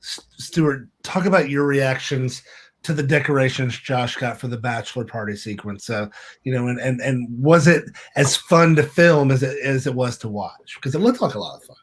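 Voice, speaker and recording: A man's voice: mid-range voice, moderate pace. A man co-hosting a casual chat, upbeat and prompting guests with questions. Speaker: co-host.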